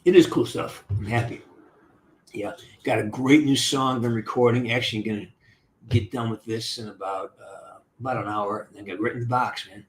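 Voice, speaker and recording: A man chats his way through a live stream with a middle-pitched voice. He greets each viewer by name and rambles from topic to topic, keeping the mood upbeat. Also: steady tone, moderate pace. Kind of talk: casual live-stream chat.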